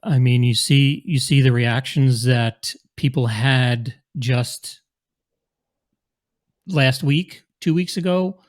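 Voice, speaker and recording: A man's voice: medium pitch, takes it slowly. A man co-hosting a casual chat, asking questions and speaking hesitantly. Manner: hesitant, many fillers and restarts.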